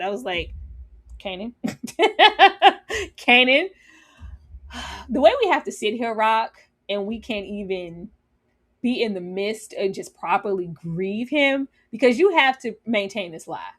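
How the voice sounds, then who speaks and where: Animated woman reviewing a TV series. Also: on the high side, slow, pauses often. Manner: animated, laughs often, acts out scenes. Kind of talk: casual review chat.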